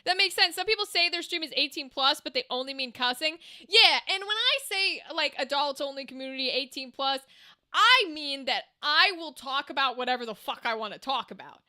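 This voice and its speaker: A woman's voice: sits high, animated, fairly quick, pushed and bright. A woman streamer chatting casually with her live audience, swearing freely and laughing often.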